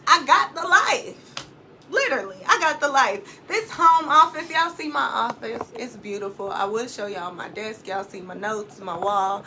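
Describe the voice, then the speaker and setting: A woman life coach talks to her viewers from her home office, animated and repeating key lines for emphasis. Her voice sits high and sounds bright and forceful. A faint hum of the room stays behind her. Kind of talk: motivational vlog talk.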